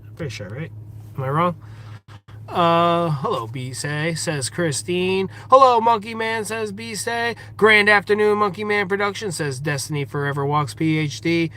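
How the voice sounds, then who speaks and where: A man with a high, bright voice hosts a casual livestream from outdoors in a forest. He reads viewer comments aloud and greets each person by name. His voice stays high and bright throughout. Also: a little slow. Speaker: livestream host.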